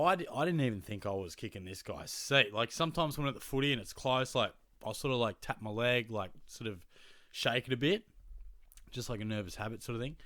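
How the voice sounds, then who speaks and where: A young Australian man spins a casual yarn in loose, profane banter. His voice sits in an ordinary middle pitch. The sound is dry and close, with no room around it. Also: pushed and bright, no room sound. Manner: swearing, laid-back blokey banter. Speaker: podcast host. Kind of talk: casual storytelling.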